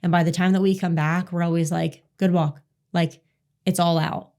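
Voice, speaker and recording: A woman's voice: on the low side, flat delivery, moderate pace, a little mellow. Casual, profane woman podcast co-host. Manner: casual, swears freely, storytelling. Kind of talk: casual chat.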